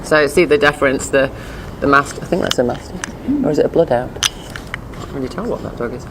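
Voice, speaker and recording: A woman teaching a dog behavior class in a chatty, animated way, often acting out voices. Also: extremely low pitch, fairly quick, background noise. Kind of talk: informal lecture with slides.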